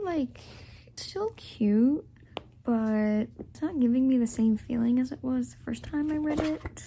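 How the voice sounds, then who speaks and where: A young woman chatting casually in a reading vlog, gushing about books, sometimes dropping to soft half-whispered asides. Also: on the high side, a little hiss or hum, poor audio. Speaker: book vlogger.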